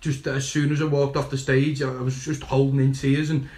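A man's voice: medium pitch, level tone, a little fast, darkish tone, echoey room. A young man telling a story in casual, rambling fashion, swearing and laughing along the way. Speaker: guest.

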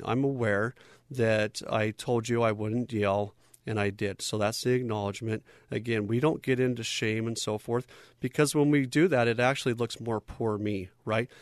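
A man's voice: medium pitch, no room sound, studio quality. A man giving an instructional talk in a conversational way, often checking in with his listeners. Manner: conversational, checks in with "okay?" and "right?".

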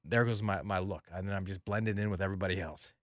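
A man's voice: sits low, steady tone, fast, dry recording, studio quality. A man co-hosting a casual talk show, joking, laughing often and restarting his sentences. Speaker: co-host. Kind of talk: casual banter.

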